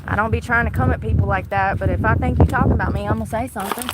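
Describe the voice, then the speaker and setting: A woman's voice: medium pitch, fairly even intonation, fast, pauses often, very noisy. A woman chatting casually to her viewers while picking up trash outside, blunt and self-mocking, swearing freely. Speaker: vlogger. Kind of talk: casual outdoor vlog chatter. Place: outdoors picking up roadside trash.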